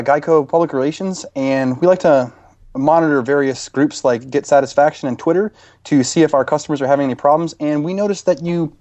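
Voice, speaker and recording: A man's voice: a little high, darkish tone, no echo, lo-fi sound, voice pushed up, close to an everyday voice. A man playing a male insurance public relations agent on a prank call, polite at first and then threatening legal action. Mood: fake courteous.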